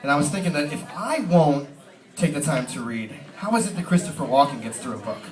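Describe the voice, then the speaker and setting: A man tells stand-up stories in a loose, rambling way, full of "you know" and "like", his voice sitting a little high. The sound comes from a far-off camera and echoes around the pub. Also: animated, fairly quick. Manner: rambling, filler-heavy, casual storytelling. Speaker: stand-up comedian. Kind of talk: stand-up comedy set. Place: pub stage. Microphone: distant camera. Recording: roomy pub sound from a distant mic.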